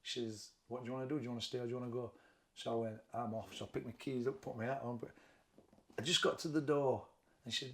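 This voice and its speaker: A middle-aged man with a broad Sheffield accent speaks in a gravelly, mid-pitched voice. He talks plainly and haltingly, doubling back and repeating words as he recounts his story in an interview. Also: fairly even intonation, a bit bright, slight background noise. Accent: Sheffield, Yorkshire. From England. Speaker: boxing trainer, interview guest. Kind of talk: candid personal interview.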